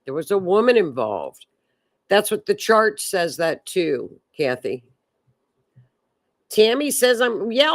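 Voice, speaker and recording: A woman's voice: mid-range voice, very animated, slow, pauses often. A woman hosting a live stream, chatting in a rambling way and reading viewer comments aloud. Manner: chatty, rambling, repeats words. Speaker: livestream host.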